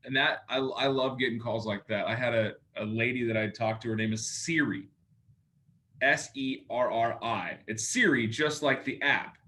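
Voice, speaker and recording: A man teaching a coaching class on phone calls, lively and jokey, often acting out both sides of a call. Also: mid-range voice, normal speed. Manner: lively, acts out phone calls in other voices. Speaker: sales coach.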